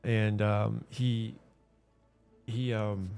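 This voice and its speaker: A man's voice: on the low side, little pitch movement, drawn-out words, creaky, a little mellow, clear, resonant tone, soft background music. A man streaming a game, chatting casually in a rambling, hesitant way with many restarts and fillers. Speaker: gaming streamer. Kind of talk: casual rambling chat while gaming.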